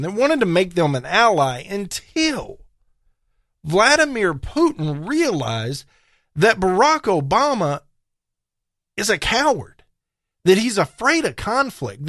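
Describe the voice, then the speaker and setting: A man's voice: fairly high pitch, a bit bright, no room sound, studio quality. A man hosting a political talk radio show, delivering emphatic, combative commentary with sarcastic asides.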